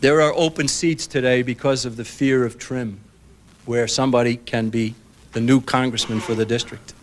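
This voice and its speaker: A man, an author, giving a public lecture to an audience, folksy and emphatic, acting out what others said in lively asides. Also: medium pitch, moderate pace. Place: public library lecture hall. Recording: 1990s broadcast recording.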